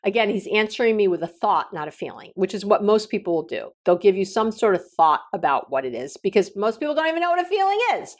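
A woman's voice: medium pitch, fast, hardly any pauses. A middle-aged woman, a coach, giving podcast advice and telling stories with acted-out dialogue. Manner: animated storytelling, acts out quoted dialogue. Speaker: relationship coach and consultant.

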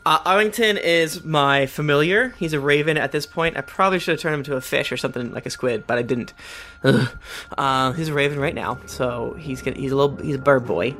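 A woman playing a tabletop game, talking casually in a playful, expressive way. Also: very deep voice, a little fast, faint music behind. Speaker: player.

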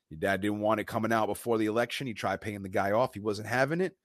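A man's voice: fairly low pitch, fast talker, hardly any pauses, no echo, studio quality. A man co-hosting a podcast, casually retelling a film's plot scene by scene and acting out the characters' lines. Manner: animated retelling, quoting characters. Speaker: podcast co-host. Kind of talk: casual movie recap.

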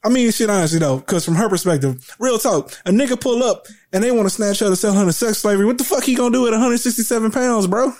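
Male podcast host, higher register, animated and profane. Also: quick pace, few pauses. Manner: animated, profane, laughs a lot, mock-panicked voices. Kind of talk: casual commentary chat.

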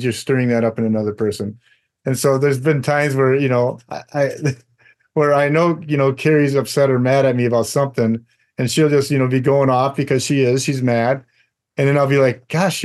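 A man co-hosting a faith podcast, talking in a relaxed, emphatic way and laughing often. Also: medium pitch, moderate pace. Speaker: podcast co-host. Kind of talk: casual faith discussion.

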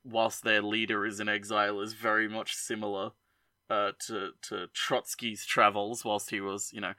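A man co-hosting a podcast, talking in a rambling, halting way with lots of fillers. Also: lowish voice, level tone, pushed and bright, no room sound. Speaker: podcast co-host. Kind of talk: casual podcast chat.

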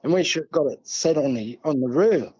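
A man's voice: on the high side, expressive, normal speed, mellow, slightly rough, highs cut off. Older Australian man, rambling storyteller. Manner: rambling, folksy, peppers talk with "see" and "mate". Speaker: guest. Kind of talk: casual storytelling.

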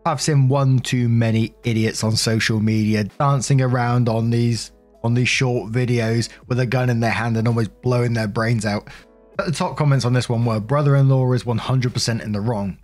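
A man's voice: mid-range voice, darkish tone. British man reading online stories. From United Kingdom. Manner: blunt, swears casually in asides. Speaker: storytelling channel narrator. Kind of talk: reading online posts aloud with casual commentary.

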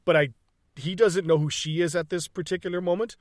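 A man with a fairly high voice recaps a movie in loose, casual chat. He swears freely, laughs through his sentences and slips into the characters' lines. The sound is close and dry. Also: fairly even intonation, fairly quick, dry recording. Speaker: podcast co-host.

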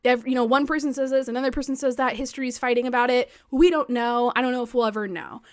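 A woman co-hosting a podcast, telling history in a casual, excitable way, full of "like" and the odd swear. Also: sits high, fast. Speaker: podcast co-host.

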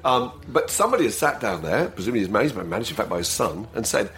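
A male radio presenter chatting casually and telling animated, rambling anecdotes. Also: fairly low pitch, rapid-fire, few pauses. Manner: animated, laughing, rambling storyteller. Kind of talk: casual chat.

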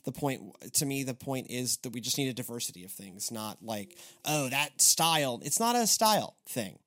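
A man hosting a church podcast in casual chat, rambling with restarts and animated asides. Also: mid-range voice, moderate pace. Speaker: podcast host.

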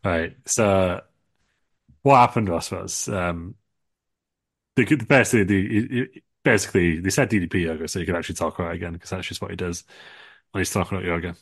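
A man's voice: sits low, a little fast, slightly rough, no room sound. A man co-hosting a comedy podcast, telling a rambling made-up story with lots of ums, restarts and giggles. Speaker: podcast co-host.

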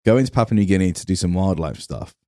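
A man's voice: deep voice, fast talker, no echo, clean studio sound. A man hosting a comedy podcast in casual chat, playful and asking questions. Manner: animated, playful, asks questions.

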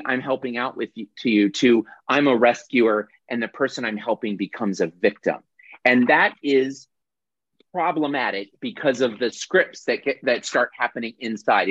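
A man leads a workshop over a video call, teaching conversationally and correcting himself along the way. His mid-range voice is fairly bright, and the video-call audio is dull and dry.

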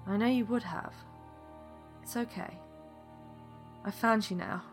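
A woman voicing a gentle motherly woman. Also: fairly high pitch, unhurried, faint music behind, natural voice. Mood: soothing.

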